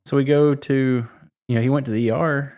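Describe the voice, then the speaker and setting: A man's voice: medium pitch, fairly even intonation, brisk, dark tone. A man in casual podcast chat, telling a candid, self-critical story about being a dad. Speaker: podcast co-host.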